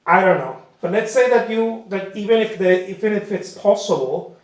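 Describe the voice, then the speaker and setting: A man's voice: high voice, moderate pace. A man teaching painting in a casual, rambling way, often repeating himself and saying "you know" while he works. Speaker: painting instructor. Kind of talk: casual talk during painting session. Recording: very echoey room.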